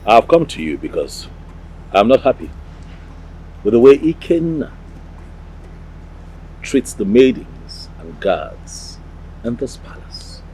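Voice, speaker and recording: An actor with a Nigerian accent playing an earnest older prince who complains with indignation. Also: male voice, medium pitch, big pitch swings, takes it slowly, long pauses, mellow, a little hiss or hum, poor audio. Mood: indignant. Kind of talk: film drama acting.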